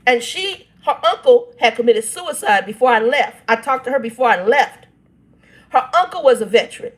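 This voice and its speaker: A woman in her 50s hosts a casual vlog channel and recounts a family dispute. Her voice sits fairly high and sounds animated at a moderate pace as she reads text messages aloud, cutting in with blunt, irritated asides.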